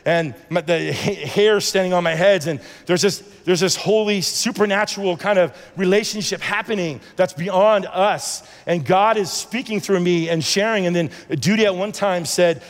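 A man's voice: sits high, normal speed, few pauses, in a large hall. A man telling a personal faith testimony as a sermon, earnest and rambling, with many restarts and acted-out dialogue. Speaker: preacher sharing a testimony.

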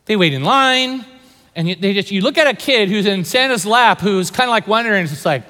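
Animated man preaching in a big hall. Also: sits high, brisk. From Bay Area, California. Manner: animated, asks the crowd questions. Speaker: pastor. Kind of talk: sermon. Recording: long hall reverb.

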